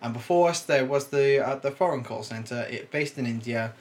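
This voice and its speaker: A man's voice: mid-range voice, normal speed. Young man, co-host, casual rambling chat with lots of restarts.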